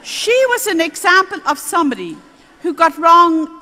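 An older woman, a nun giving a spiritual talk on prayer, telling stories in a lively way with little chuckles. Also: very high-pitched, moderate pace, slight background noise. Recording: roomy hall reverb.

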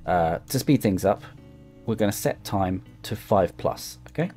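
A young man talks through a game in a chatty, rambling way, thinking aloud as he goes. His voice is low-pitched and mellow. Faint music plays behind him. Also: animated, unhurried. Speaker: gaming YouTuber. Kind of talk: casual gameplay commentary.

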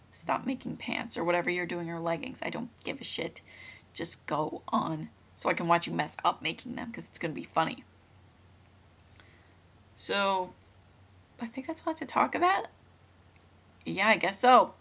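Talking into her laptop's built-in microphone from a room at home, a young woman rambles through a casual webcam vlog, with plenty of fillers and restarts. Her pitch is fairly low and her tone fairly bright.

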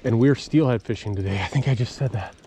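A man filming himself outdoors on a river while fishing, talking excitedly to his viewers and calling out to a friend. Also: medium pitch, fast, slight background noise. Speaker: fishing vlogger.

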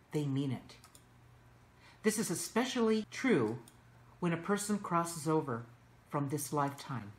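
A woman's voice: low-pitched, reverberant, a little hiss or hum. A woman hosting a spiritual channeling show, giving soothing, instructive guidance and repeating cues like "okay". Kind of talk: guided spiritual talk.

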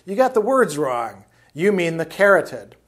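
A man giving voice to a quick-witted young woman who sees through a hired killer. Her words are pointed and accusing, pitched slightly up. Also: very animated, a bit bright, full character voice. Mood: cool. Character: sharp young woman unmasking an assassin.

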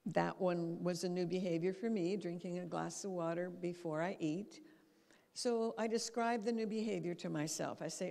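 A woman giving a lively talk in a church hall, acting out quotes as she tells stories. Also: on the low side, normal speed, creaky. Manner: lively storytelling, acts out quotes. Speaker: guest speaker. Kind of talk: talk on habits. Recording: reverberant hall.

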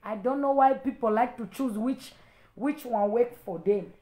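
Woman preacher, higher-pitched, repetitive exhortation and firm warnings; echoey room. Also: a little slow. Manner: exhorting, repetitive, rising to stern loud warnings. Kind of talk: impassioned online sermon.

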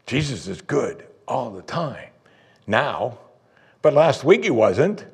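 A man preaching a sermon as pastor, conversational, voicing his listeners' doubts in a higher voice. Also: very animated, slow, vocal fry, darkish tone, husky. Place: church sanctuary.

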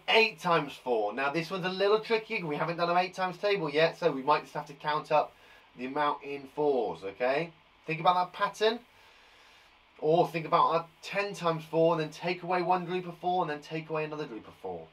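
On a rough recording, a male primary school teacher from England runs a live online maths session for small children, counting aloud and encouraging them with friendly side remarks. His voice is fairly high and fairly bright.

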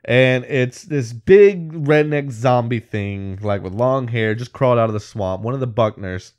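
Unhurried and smooth, this co-host's medium, darkish voice walks through a film one scene at a time on a podcast. His telling wanders, full of "like" and "whatever," with laughter breaking into his sentences.

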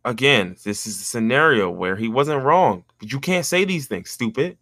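A man in casual podcast chat whose pitch swings all over as he tells a story, and his tone is bright and lively. He leaps up high to mimic the people he quotes. The close mic gives a dry sound with almost no room. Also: moderate pace, no room sound. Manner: animated, jumps into high mimicking voices for quotes. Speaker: podcast co-host.

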